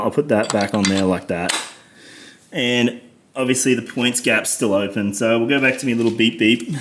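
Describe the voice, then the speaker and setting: A fed-up Australian man with a fairly low voice narrates a motorcycle repair as he works. He rambles and swears at every stubborn part. A light background hiss sits under his voice. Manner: frustrated, swears constantly, mutters while working. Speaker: motorcycle mechanic vlogger. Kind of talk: casual workshop commentary.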